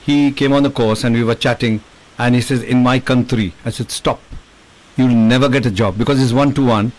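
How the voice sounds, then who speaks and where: A man hosting a casual video-call chat, an animated, talkative storyteller. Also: mid-range voice, fairly quick, poor audio. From India. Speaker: host.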